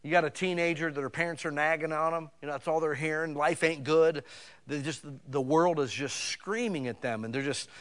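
A pastor preaches a sermon in a folksy, conversational style, his voice on the high side, a bit bright and a little fast. He addresses his listeners directly, building into emphatic swells.

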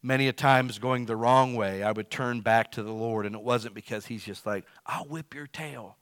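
A man preaching a sermon who calls himself loud. He swings from loud emphatic lines to quiet asides. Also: on the low side, steady tone, normal speed, clean tone, no room sound. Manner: self-described as loud. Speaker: pastor.

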